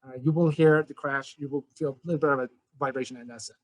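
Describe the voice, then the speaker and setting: Fast-talking male physics teacher. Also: medium pitch, fairly even intonation, dry recording, low-quality recording. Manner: conversational, addresses students as guys, frequent restarts. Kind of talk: recorded lecture.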